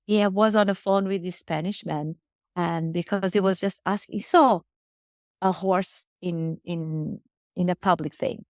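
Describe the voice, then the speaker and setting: Woman, 40s, guest, earnest and searching, lower pitch, dry recording. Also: fairly even intonation, measured pace, a little mellow, dry recording. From Portugal. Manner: earnest, repeats words while searching for phrasing. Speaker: guest, riding instructor. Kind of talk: casual interview conversation.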